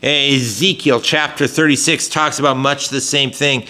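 A man's voice: medium pitch, fairly even intonation, normal speed, pushed and bright. A man preaching a sermon in a conversational way, with frequent fillers and restarts as he explains scripture. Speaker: pastor.

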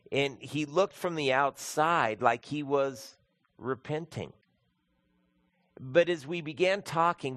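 Guy pastor preaching, gets loud then drops way down soft, dry close sound. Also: mid-range voice, no echo. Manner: emphatic, rising to loud peaks then dropping soft. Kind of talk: sermon.

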